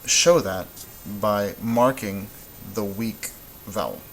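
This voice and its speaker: In this casual, classroom-style Spanish lesson, a male teacher with a lowish voice thinks aloud in a relaxed way, full of ums and restarted sentences. The audio is poor, with a faint hiss and occasional clicks underneath.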